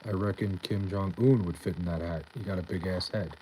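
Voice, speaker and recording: A young man casually reading out and answering chat on a live stream, laid-back and profane with a deadpan tone. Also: low voice, fairly quick, slight background noise, rough recording.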